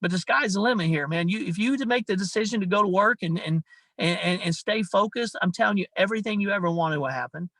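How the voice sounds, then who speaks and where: A man's voice: high voice, fast, fairly bright tone, no echo, poor audio. A man giving a motivational talk on a video call, emphatic and repetitive, tossing in "man" often. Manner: emphatic, repeats himself, says "man" a lot. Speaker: guest speaker on a company video call.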